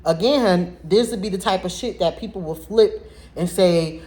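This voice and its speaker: A woman telling viewers a personal story in a casual vlog, talking in an animated, blunt way and addressing them directly. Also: lowish voice, measured pace.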